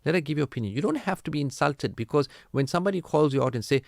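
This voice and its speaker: A man hosting a radio marriage counselling talk, animated and preachy, acting out quoted family dialogue. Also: fairly high pitch, racing, gravelly, no room sound, studio quality. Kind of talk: casual radio advice talk.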